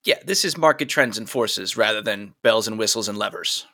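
A man co-hosting a casual tech podcast, chiming in with quick wisecracks and agreement. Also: fairly low pitch, lively intonation, pushed and bright, no room sound, studio quality. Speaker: podcast co-host.

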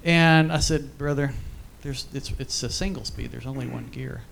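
A man's voice: mid-range voice, moderate pace, vocal fry, a bit bright, slight background noise. A man giving an informal church teaching, telling stories in a chatty way with many asides. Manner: storytelling, conversational with fillers and asides. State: briefly emotional, choked up.

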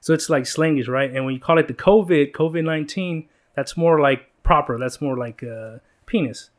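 A man's voice: a little high, moderate pace. A man hosts a laid-back podcast, wandering from thought to thought with a joking, easygoing manner. His talk is full of fillers and restarts, and he keeps things loose and chatty. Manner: rambling, jokey, many fillers and restarts. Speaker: podcast host. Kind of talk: casual chat.

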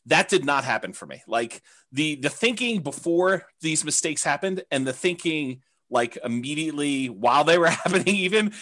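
A man teaching a real estate investing class, talking candidly in a halting way with many restarts and fillers. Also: on the high side, lively intonation, a bit bright.

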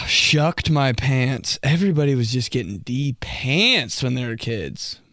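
A man's voice: medium pitch, animated, takes it slowly, pushed and bright, dry recording, clean studio sound. A man hosting a comedy show, reading out listener stories in a casual, joking way. He laughs often and slips into mocking voices.

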